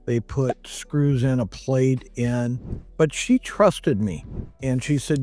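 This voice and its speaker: With soft music behind him, a male chiropractor narrates a patient's story at a measured pace, his medium-pitched voice dark in tone. The telling is conversational, and he voices what others said in a raised tone.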